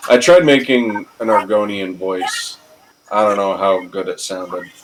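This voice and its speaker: A man's voice: on the low side, unhurried, background noise. A man chatting casually with his gaming group, sleepy and rambling as he reads out his character sheet. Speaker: player. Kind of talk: casual chat over voice call.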